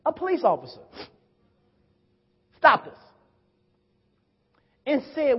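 A man preaching a sermon, telling a story and calling out to the congregation, swinging between hushed and loud. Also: high voice, big pitch swings, measured pace, pauses often, slightly rough. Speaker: pastor. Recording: dull sound with long hall reverb.

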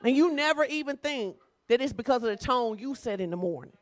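A woman pastor preaches in a loose, conversational style, teasing her congregation. Her voice sits fairly high. The sound is close and dry. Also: expressive, a little fast, no room sound. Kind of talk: sermon.

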